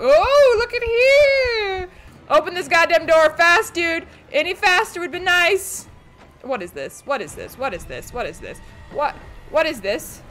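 A young woman streaming a horror game, jumpy and excitable, shrieking and swearing at the game as she plays. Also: extremely high pitch, heavy background noise. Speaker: gaming streamer. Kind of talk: let's play commentary.

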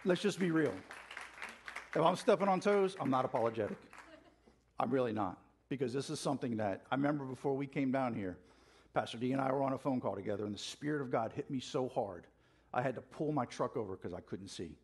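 Husky-voiced man preaching with fire. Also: medium pitch, lively intonation, a little fast. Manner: passionate, fired-up preaching with call-and-response. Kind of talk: sermon. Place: church sanctuary.

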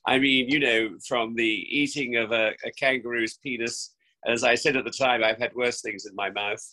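In a rough recording, a sixty-something West Country actor gives a remote interview from his home during lockdown. His mid-range voice is steady and sharp at a normal pace, while his manner is effusive and theatrical, full of restarts.

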